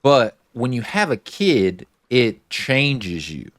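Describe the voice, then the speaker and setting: A show recap host casually retells scenes from a TV episode, peppering his chatter with "like" and then offering his own opinions. His voice is medium in pitch, sing-song and a bit bright, and he takes it slowly. The sound is studio quality with no echo.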